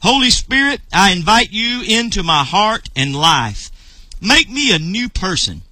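A man's voice: sits high, sing-song, measured pace, bright, forceful tone. A man closing a ministry broadcast, earnestly leading listeners in a salvation prayer. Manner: earnest, leads a prayer to repeat.

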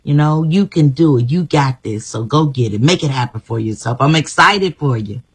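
A woman's voice: low-pitched, expressive, moderate pace, husky. A woman guest speaking emphatically in an inspirational interview, repeating herself and laughing often.

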